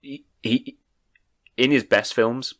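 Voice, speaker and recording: A man's voice: mid-range voice, fairly even intonation, slow. A man co-hosting a podcast, casually giving his opinions on films and explaining them at length. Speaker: podcast co-host. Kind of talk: casual film discussion.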